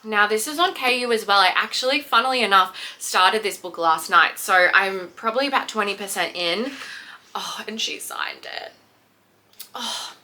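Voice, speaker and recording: A young woman chatting excitedly to viewers as she unboxes a book parcel. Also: mid-range voice, brisk, hardly any pauses. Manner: gushing, excitable, talks to viewers. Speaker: book vlogger. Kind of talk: casual unboxing chat.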